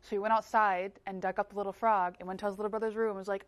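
A woman's voice: mid-range voice, fairly even intonation, racing. A woman talking casually in a group Bible discussion, telling stories and acting out the voices she quotes. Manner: storytelling, acts out quoted voices, laughs easily. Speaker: panel member.

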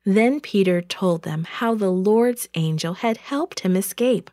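A woman storyteller reads a children's Bible story clearly and expressively. Her voice rises and falls widely at a slow, deliberate pace, recorded close and dry. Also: medium pitch, expressive, warm tone, no room sound.

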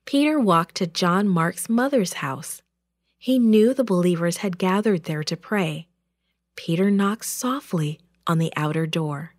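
A woman narrating a children's Bible story in a slow, expressive way. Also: on the low side, no room sound, studio quality.

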